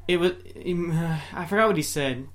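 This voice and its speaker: A man's voice: on the high side, moderate pace, fairly bright tone. A man with a New York accent co-hosting a casual podcast, rambling and losing his train of thought. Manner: rambling, loses track mid-sentence. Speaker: podcast co-host. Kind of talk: casual chat.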